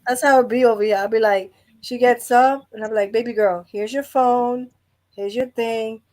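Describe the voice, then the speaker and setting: Relaxed chatty mom. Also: female voice, fairly high pitch, moderate pace. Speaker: mother, former caregiver. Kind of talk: casual chat.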